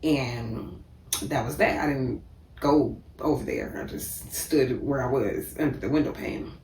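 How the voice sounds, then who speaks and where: A woman's voice: very deep voice, unhurried, darkish tone, a little hiss or hum. A woman vlogger telling a personal story in a vivid, repetitive way, with many fillers. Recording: echoey room, distant mic.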